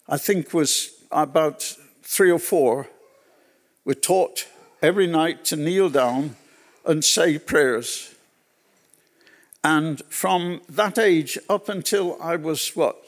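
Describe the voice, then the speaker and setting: A man delivers a sermon at a church gathering, his voice set a little high and edged with gravel. He tells personal stories slowly and deliberately, letting repeated phrases settle. The pacing stays unhurried throughout. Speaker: pastor.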